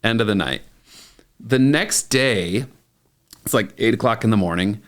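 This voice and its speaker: A man's voice: on the low side, unhurried. A man in his thirties, a podcast host and plastic surgeon, telling a story in a casual chat and chuckling often.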